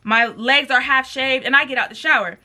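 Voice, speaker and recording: A woman's voice: high voice, brisk. A young woman vlogger telling a storytime tale in a casual, profane, slangy way, acting out what people said. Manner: animated, profane, slangy storytelling with acted quotes. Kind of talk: storytime with mukbang.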